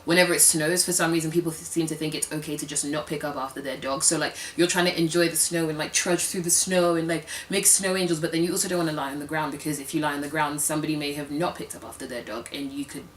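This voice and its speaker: A woman's voice: sits low, fairly even intonation, fast, few pauses, a little hiss or hum. A young British woman talking casually and frankly to camera, full of fillers and quoted asides. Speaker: vlogger. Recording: roomy sound from a distance.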